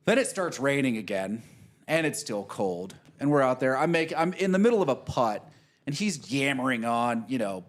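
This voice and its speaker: A man's voice: mid-range voice, moderate pace. Profane storytelling man. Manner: animated, profane storyteller who acts out quotes. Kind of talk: casual storytelling.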